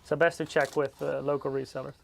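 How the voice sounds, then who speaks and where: A man's voice: on the high side, little pitch movement, quick pace, creaky. Male stream co-host answering chat, playful and teasing, faint background hiss. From Europe. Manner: laughs often and teases his co-host. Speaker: livestream co-host reading chat questions. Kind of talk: casual livestream chat.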